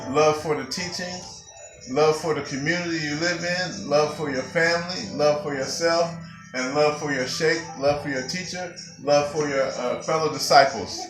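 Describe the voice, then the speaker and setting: A male Sufi teacher addresses a gathering with a bright, forceful voice. His pitch sits slightly high, and his delivery is emphatic and animated, like a preacher's. The sound carries the echo of a roomy hall, with faint music underneath. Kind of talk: spiritual teaching talk. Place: gathering room with audience.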